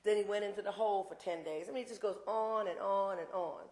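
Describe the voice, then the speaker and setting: A woman's voice: medium pitch, fairly even intonation, quick pace, a little mellow, roomy sound. A woman in her sixties giving a blunt, impassioned campus talk full of asides, then taking audience questions. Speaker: invited speaker. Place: university lecture room.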